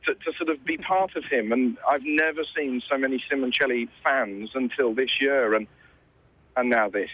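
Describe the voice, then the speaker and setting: A man's voice: mid-range voice, moderate pace, fairly bright tone, a little hiss or hum, low-quality recording. A British man who commentates on motorsport, heard over a radio link in a news interview. He talks conversationally, restarting his sentences often. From Britain.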